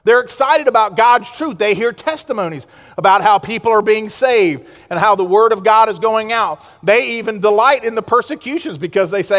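A male pastor from the United States, preaching a sermon with passion and moving between loud exhortation and hushed asides. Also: sits high, moderate pace, few pauses. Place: church sanctuary. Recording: long reverb of a large hall.

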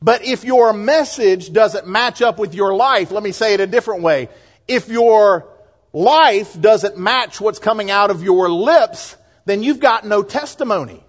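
A middle-aged man with a Southern US accent, a pastor preaching a sermon in a folksy, lively way with asides and jokes. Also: sits high, a little slow.

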